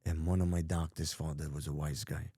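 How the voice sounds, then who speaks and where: A man's voice: very deep voice, level tone, a little fast, warm tone, breathy edge, no echo, clean studio sound. A middle-aged man, a podcast guest telling his life story in blunt, profane street talk. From New York. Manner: profane, street-talking, emphatic. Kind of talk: candid storytelling.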